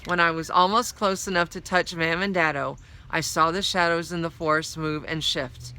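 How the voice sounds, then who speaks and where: A woman reading a children's novel aloud, telling the story in a measured, expressive first-person voice. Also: on the low side, a little hiss or hum, poor audio. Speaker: storybook reader.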